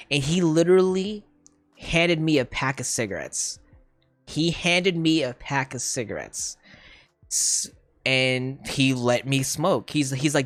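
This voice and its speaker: A man's voice: medium pitch, moderate pace. Young streamer guy chatting casually, lots of "right?" and laughs, acts out his parents' lines. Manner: animated, mimics voices of parents in quotes; frequent "right?" and "like" fillers, laughs often. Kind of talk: casual storytelling chat.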